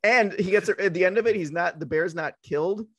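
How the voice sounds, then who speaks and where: A giggly man riffing as a podcast co-host, rambling along with plenty of filler words. His voice sits a little high for a man and is recorded dry and close, with no room sound. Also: brisk, no echo. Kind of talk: casual comedic chat.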